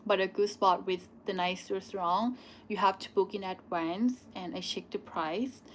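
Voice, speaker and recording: A young Thai woman with a Thai accent, Thai as her first language, hosting a live question-and-answer stream in a loose chatty way with many "like" and "um" pauses. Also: mid-range voice, steady tone, slight background noise. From Thailand. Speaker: channel host answering viewer questions.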